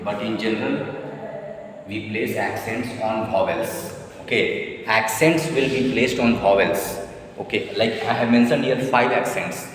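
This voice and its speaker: A man teaching a language lesson slowly, repeating each word and checking in with "okay?" after each point. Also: on the low side, a crowd in the background. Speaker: French teacher. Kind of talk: slow, repetitive language lesson. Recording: echoey room with long reverb.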